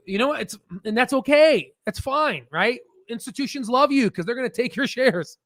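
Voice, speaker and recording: A man in his thirties hosting a casual stock market livestream, excitable and profane, mocking others in shrill put-on voices. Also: a little fast, no room sound, clean studio sound.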